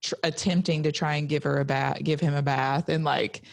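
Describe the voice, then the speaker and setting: A low-pitched woman in her thirties chats easily, her talk strewn with "like" as she tells stories. She sounds relaxed and conversational. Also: brisk, creaky. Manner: chatty, lots of "like" fillers. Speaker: podcast co-host. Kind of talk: casual chat.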